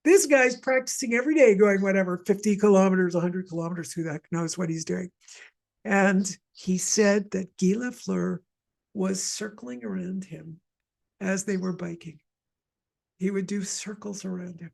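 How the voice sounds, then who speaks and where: Woman from Montreal, mid-pitched, guiding an energy and breathing session in a loose, rambling way. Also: normal speed, creaky, a little mellow. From Montreal, Canada. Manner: chatty, rambling, with many asides and restarts. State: mild asthma. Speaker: energy healer leading a session. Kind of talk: guided wellness session.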